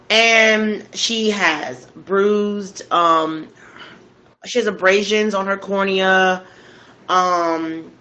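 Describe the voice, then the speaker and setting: A woman's voice: mid-range voice, bright, forceful tone, poor audio. A woman casually recapping a true-crime story while eating, in a slangy, conversational way. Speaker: storytelling host.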